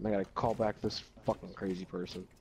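A man's voice: on the low side, fairly quick, creaky. A young man in casual voice chat while gaming, swearing constantly and sounding frustrated. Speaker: gamer.

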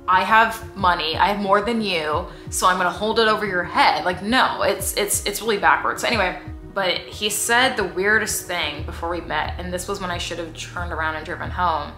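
A woman's voice: on the low side, sharp tone. Chatty sarcastic woman telling a story. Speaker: vlogger. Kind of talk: casual storytime vlog. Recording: roomy room echo.

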